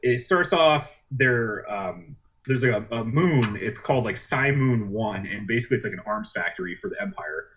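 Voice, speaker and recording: A man's voice: lowish voice, lively intonation, normal speed. A man co-hosting a podcast in casual chat, rambling through a plot retelling with lots of fillers. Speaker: podcast co-host. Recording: dull lo-fi podcast recording.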